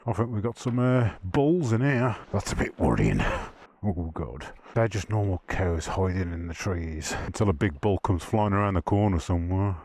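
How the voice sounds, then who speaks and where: A man riding a motorbike on rough trails, chatting to himself and the camera in a casual, self-mocking way. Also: sits low, expressive, moderate pace, darkish tone, no room sound. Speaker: motorcycle vlogger. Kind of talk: casual running commentary while riding. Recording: outdoor wind and engine noise.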